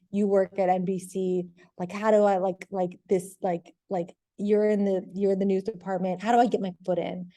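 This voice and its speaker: Woman in her 30s, reporter, rambling chatty story, says like a lot, medium pitch. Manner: rambling, heavy use of "like", animated retelling. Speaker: TV sports reporter, guest. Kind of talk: casual interview storytelling.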